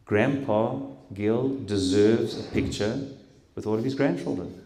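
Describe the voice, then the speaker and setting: A middle-aged man giving an emotional personal testimony at a talk, speaking haltingly with pauses and restarts. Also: lowish voice, warm tone. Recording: roomy hall echo.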